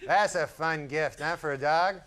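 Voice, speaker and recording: Deadpan stand-up man, high voice. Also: measured pace. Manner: deadpan, rambling with long asides. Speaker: stand-up comedian. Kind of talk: stand-up comedy set. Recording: live club recording with crowd laughter and noise. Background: audience laughing.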